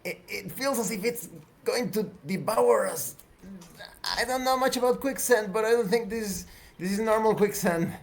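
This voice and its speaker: A man's voice: high-pitched, normal speed, vocal fry, voice pushed up. A man voicing Arisa, a nervous female crew member who stammers and repeats words in a tabletop game. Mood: alarmed.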